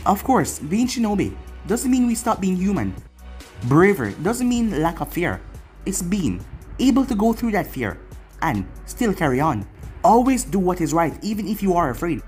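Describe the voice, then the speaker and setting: A loving, protective ninja clan mother, voiced by the story's narrator. She speaks gently and earnestly, with a lively rise and fall. Faint music runs under the fan-fiction reading. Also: mid-range voice, moderate pace, natural voice. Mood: tender. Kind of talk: fan fiction read-aloud.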